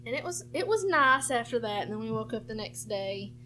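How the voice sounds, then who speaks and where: A woman's voice: fairly high pitch, fairly quick, a little hiss or hum. A young woman co-hosting a podcast, telling a story with a lot of swearing and acting out what people said. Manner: animated storytelling, acts out quotes, frequent swearing. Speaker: podcast co-host. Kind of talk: casual chat.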